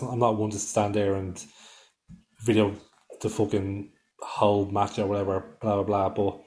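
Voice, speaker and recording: A man's voice: on the low side, darkish tone. A man with an Irish accent, co-hosting a podcast in casual chat, blunt and swearing often. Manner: blunt, swears often, loses his thread. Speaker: podcast co-host.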